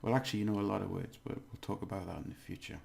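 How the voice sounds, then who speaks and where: A man giving a casual video lesson as a language teacher, chatty, laughing often and repeating words slowly to model them. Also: lowish voice, fairly even intonation, creaky, a little mellow.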